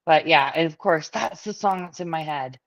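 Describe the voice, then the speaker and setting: A woman's voice: low-pitched, normal speed. A middle-aged woman hosting a podcast, chatting casually, blunt and swearing with frequent laughs. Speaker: podcast host. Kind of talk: casual chat.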